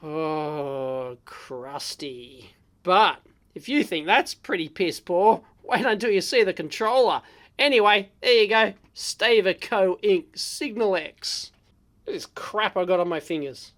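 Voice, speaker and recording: Excitable Australian woman hosting an electronics vlog. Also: medium pitch, unhurried. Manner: blunt, excitable, with frequent exclamations and fillers. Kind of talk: casual unscripted teardown commentary.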